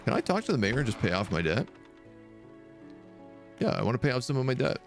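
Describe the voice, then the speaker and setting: A man's voice: medium pitch, big pitch swings, fast talker, pauses often, soft background music. A man streaming a video game, commenting casually and joking as he thinks aloud.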